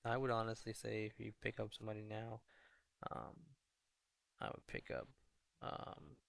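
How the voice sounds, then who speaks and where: A young man streaming a fantasy football update in casual chat, talking low and half-whispered in a hallway indoors. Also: very animated, moderate pace, creaky, fairly bright tone, dry recording. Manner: low, half-whispered talk, chatting with viewers.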